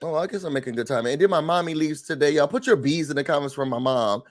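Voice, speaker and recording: Guy hosting a morning chat show, kinda high voice, jokey, acts stuff out. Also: fast talker. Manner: chatty, joking, acts out little scenes. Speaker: host. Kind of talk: casual commentary on a video.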